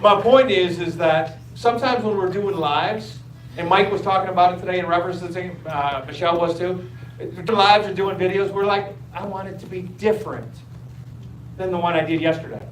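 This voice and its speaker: A fairly high-voiced man gives direct advice to a room of attendees, a little teasing and conversational. He sounds set back from the mic, and his voice rings in the echoey room. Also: a little fast. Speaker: mentor answering questions. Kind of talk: coaching advice at a live event. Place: large event room. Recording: echoey room, distant mic, faint noise.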